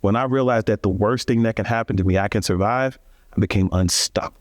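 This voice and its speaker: A man's voice: fairly low pitch, fast talker, no room sound, studio quality. A man telling his life story as a guest in an interview, earnest and reflective, with frequent restarts and emphatic rises.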